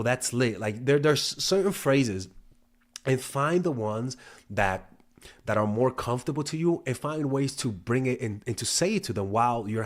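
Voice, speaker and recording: Casual, swearing man giving dating advice. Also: mid-range voice. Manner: profane, storytelling, frequent restarts and stumbles. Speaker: dating coach. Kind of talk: casual talking-head advice.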